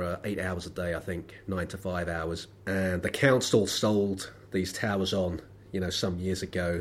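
A man hosting a solo podcast, who is under the weather, telling rambling, wry anecdotes with many ums and uhs. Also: deep voice. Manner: rambling, wry everyday anecdotes with frequent fillers. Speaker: podcast host.

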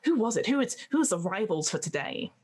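A woman's voice: medium pitch, big pitch swings, fast talker, a little mellow, husky. A woman voicing a frantic, gushing female magazine editor who calls everyone honey and dear.

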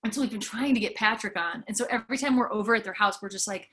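A woman's voice: mid-range voice, racing, hardly any pauses. A middle-aged woman comedian and podcast host, chatting as a guest and acting out quotes as she tells stories. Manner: animated storyteller, acts out quotes. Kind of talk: casual interview chat.

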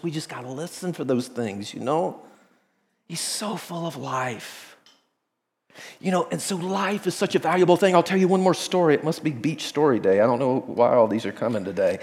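A pastor telling stories in a sermon, swinging between excited bursts and hushed, quiet moments. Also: male voice, a little high, normal speed, in a large hall. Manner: animated storytelling, dropping to hushed tones. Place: large auditorium.

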